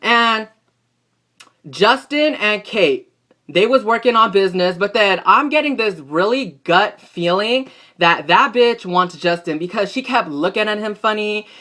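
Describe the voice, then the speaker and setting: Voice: mid-range voice, lively intonation, unhurried, pushed and bright. A young adult recapping a soap opera episode in a casual vlog, talking in a gossipy, slangy and profane way. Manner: gossipy, profane and slangy, talks back at the characters.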